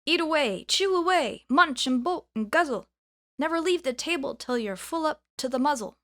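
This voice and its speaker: A woman voicing an angry, rude male magic pudding with a thick, loud, bossy voice in a storybook reading. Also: a little high, normal speed, lightly acted.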